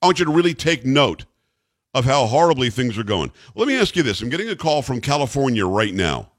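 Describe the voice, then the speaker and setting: A male talk radio host hammers his points with repeated rhetorical questions. His pitch swings widely as he argues, and the studio sound is dry and close. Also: big pitch swings, a little fast, no echo.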